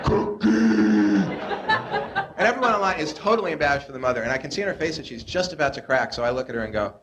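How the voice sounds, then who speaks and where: A man's voice: on the high side, expressive, very fast, bright, forceful tone, soft background music. A young adult man doing a stand-up routine on a club stage, neurotic and self-deprecating, with whiny voices for the characters he puts on. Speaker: stand-up comedian. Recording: noisy 1980s live club tape.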